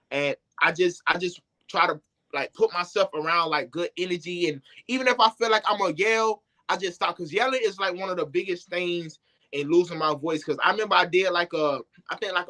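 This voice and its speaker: High-voiced young man, slangy and animated. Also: brisk. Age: young adult. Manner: loose, animated, slangy storytelling. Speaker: singer, interview guest. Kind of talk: casual interview talk.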